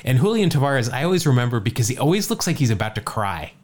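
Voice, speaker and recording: A man's voice: mid-range voice, sing-song, quick pace, noisy background. Chatty man telling a baseball story. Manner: chatty, jokey, stumbles and repeats words. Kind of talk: casual podcast chat.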